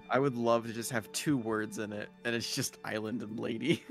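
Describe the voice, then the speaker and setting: A man's voice: mid-range voice, steady tone, normal speed, gravelly, soft background music. A man running a tabletop game, chatting casually afterward, laughing often and swearing freely. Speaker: game master.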